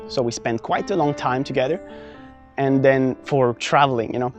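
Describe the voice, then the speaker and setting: Young adult man, vlogger, casual story, medium pitch, faint music bed. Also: normal speed. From France. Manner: animated, many fillers and restarts, acts out his own past lines.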